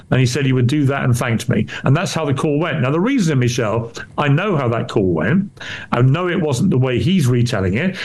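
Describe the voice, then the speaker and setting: Indignant man, emphatic. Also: mid-range voice. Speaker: interviewee, former newspaper editor. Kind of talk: defensive on-air interview.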